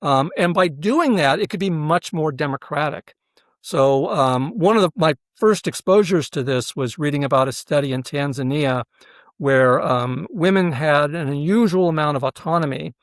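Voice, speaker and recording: A man's voice: on the high side, moderate pace, dry recording, clean studio sound. A man, a professor, explaining his ideas earnestly in an interview, with frequent fillers and "right?" check-ins to the listener. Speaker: professor and researcher, interview guest.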